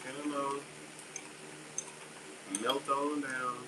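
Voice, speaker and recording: Speaking extremely slowly in a medium-pitched voice, this middle-aged livestream host sells fishing jigs and replies to viewer comments in a chatty, upbeat way. The mic is distant, and a steady air conditioner hum runs underneath.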